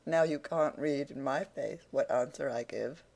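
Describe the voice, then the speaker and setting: A man's voice: mid-range voice, measured pace, creaky, darkish tone. A man reading an audiobook, voicing a sly, pompous older man with a florid, ingratiating, theatrical delivery. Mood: affable, scheming.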